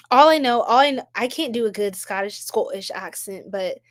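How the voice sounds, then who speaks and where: Brief: young woman, livestream psychic host, bubbly and gushing, voice sits a bit high. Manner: bubbly and effusive, laughs often, gushes. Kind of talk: casual livestream chat reading viewer comments.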